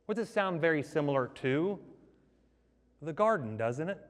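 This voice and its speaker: A male pastor preaches with emphasis and keeps throwing rhetorical questions to his listeners. His fairly high voice rings out with a long reverb tail in a large hall. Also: animated, normal speed. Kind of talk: sermon.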